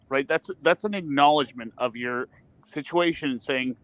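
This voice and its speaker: A man's voice: mid-range voice, normal speed, a bit bright, poor audio. A man in a casual streamed discussion, interrupting insistently to argue his point. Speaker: panelist in a stream debate.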